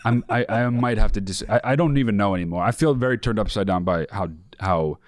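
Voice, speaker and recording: A man's voice: on the low side, brisk, dry recording, clean studio sound. A man in his thirties co-hosting a podcast, rambling and self-deprecating in casual banter. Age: 30s. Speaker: podcast co-host.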